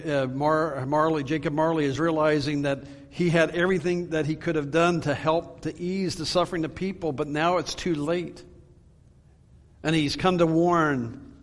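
A man preaching a Bible-teaching sermon, earnest and emphatic, slowing down for scripture readings. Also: fairly high pitch, in a large hall. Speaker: pastor.

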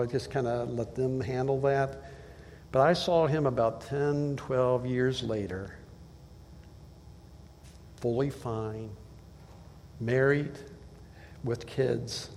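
A man's voice: mid-range voice, darkish tone, slight background noise. A man pastor preaching a sermon, telling a story and acting out dialogue before building to emphatic preaching. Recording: long reverb of a large hall.

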